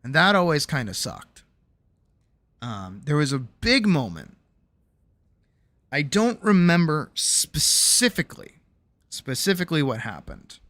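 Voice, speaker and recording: A young adult streamer at home, thinking out loud about a past relationship with chat, halting and full of restarts. The voice sits at an ordinary middle pitch, and the sound is close and dry, with no room around it. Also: sing-song, dry recording. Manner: hesitant, lots of ums and restarts, reflective. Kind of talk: candid personal storytelling to a live chat.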